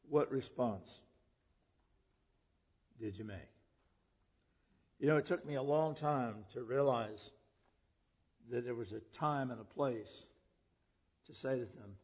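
A man's voice: mid-range voice, unhurried, pauses often, a little mellow, breathy edge. A man preaching a sermon, earnest, who often asks the listeners questions. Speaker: preacher and public school teacher. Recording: dull lo-fi sound with long hall reverb.

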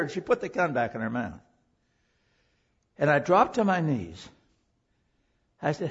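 A man preaching a sermon through a personal story, impassioned, swinging from loud pleading down to a hush. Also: mid-range voice, very animated, moderate pace, gravelly, long pauses, husky, highs cut off. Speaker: preacher and teacher.

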